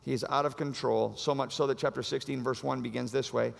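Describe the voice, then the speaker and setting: A man preaching a sermon as pastor, animated and acting out the voices of the story. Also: mid-range voice, fairly quick, vocal fry. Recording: long hall reverb.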